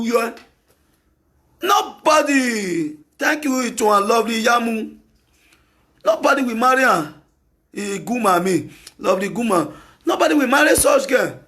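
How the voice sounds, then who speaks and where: A man with a Nigerian accent, hosting a talk show and delivering an opinionated monologue, emphatic and repetitive with bursts of shouting. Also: sits high.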